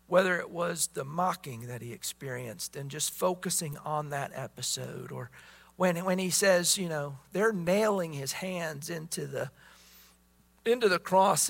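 A man's voice: high voice, creaky, a bit bright. A man preaching a sermon as pastor, emphatic, often repeating words as he presses his points.

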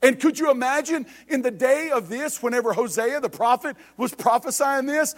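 A man's voice: very high voice, expressive, normal speed. A man, preaching a sermon to a church and breaking in often to ask if the congregation is ready. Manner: preaching with rising emphasis and repeated calls of "you ready?". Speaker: pastor.

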